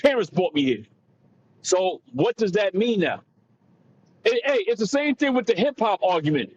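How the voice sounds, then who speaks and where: A man's voice: high voice, sing-song, moderate pace. A man from Jamaica, raised in America, explaining a point in casual discussion with emphatic repeats and frequent "you understand?". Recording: dull lo-fi sound with faint noise.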